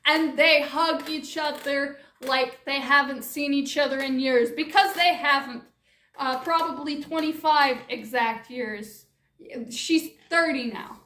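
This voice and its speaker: Brief: young woman, giggly scattered storyteller, slow and very high. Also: fairly bright tone, roomy sound, slight background noise. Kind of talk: improvised rambling comedic story.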